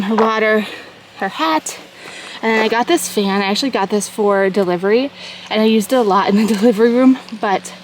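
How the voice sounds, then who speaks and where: A young woman chatting casually to camera in a mom vlog, talkative and quick to laugh. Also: medium pitch, slight background noise. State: out of breath. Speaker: vlogger.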